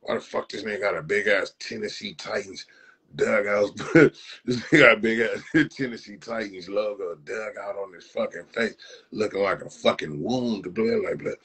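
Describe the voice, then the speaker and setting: On a livestream, a young man from Compton with a Southern California accent rants animatedly, packing his slang with plenty of swearing. His voice sits on the low side, a bit bright and husky, at a normal speed, and the recording is rough.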